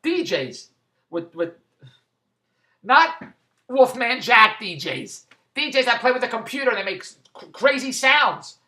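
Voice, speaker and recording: A man's voice: very high-pitched, big pitch swings, a little slow, long pauses, bright, forceful tone. A man in a rambling monologue vlog, stumbling and restarting as he goes, amused at his own tangents. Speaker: vlogger.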